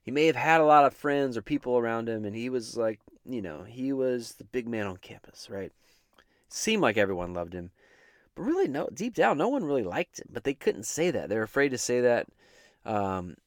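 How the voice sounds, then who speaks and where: A man's voice: medium pitch, expressive, normal speed, no echo. Guy just chatting casually, rambly and jokey, keeps restarting, dead dry room. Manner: rambling, self-interrupting, jokey. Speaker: host. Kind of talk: casual chat.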